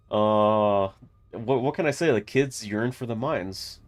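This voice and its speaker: A man giving joking let's-play commentary with quick asides. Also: on the low side. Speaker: gaming streamer.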